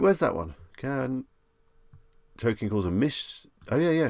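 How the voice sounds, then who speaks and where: Male streamer, low and gravelly, dry close mic, casual chat host who reads out questions and riffs on them. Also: sing-song, slow pace, pauses often, a little mellow, no room sound. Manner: chatty, reads questions aloud and muses on them.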